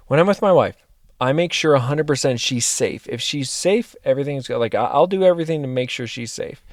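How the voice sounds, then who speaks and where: A man's voice: mid-range voice, lively intonation, fast, no room sound, clean studio sound. A man coaching his listeners in a motivational monologue, speaking directly and earnestly and repeating phrases for emphasis. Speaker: life coach and mentor.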